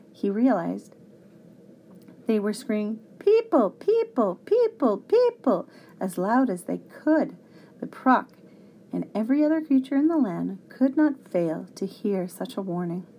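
A woman narrating a children's storybook aloud with an expressive read-aloud delivery. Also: medium pitch, slight background noise.

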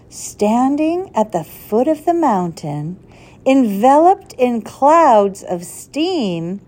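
Slow, expressive woman reading a story aloud. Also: on the high side. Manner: expressive, deliberate read-aloud with a slip corrected.

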